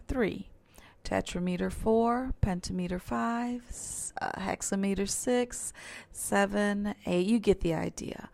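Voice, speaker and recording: Soft-spoken woman explaining a lesson. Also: on the low side, vocal fry, no echo. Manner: patient, explanatory, with small slips and restarts. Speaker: teacher. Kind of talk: recorded lesson narration.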